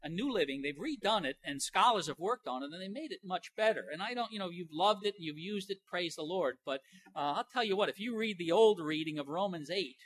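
Folksy bright-voiced older male preacher. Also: high-pitched, animated, fairly quick, dry recording. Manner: conversational, folksy, with many restarts. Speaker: pastor. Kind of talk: sermon.

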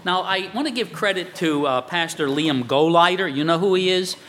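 A man preaching a sermon as a pastor, animated and emphatic. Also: sits high, normal speed, slight background noise. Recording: long hall reverb.

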